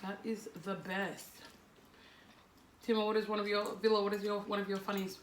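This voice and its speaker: A Fijian woman in casual chat over a meal, playful and teasing, with quick comments. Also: mid-range voice, flat delivery. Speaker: co-host. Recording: echoey room with faint noise.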